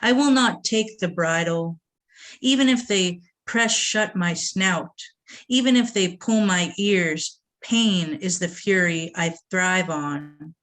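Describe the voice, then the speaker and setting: A woman from the Boston area reading her poems aloud at a poetry event, with a measured delivery and short asides to the audience. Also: fairly low pitch, a bit bright. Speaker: poet reading her work.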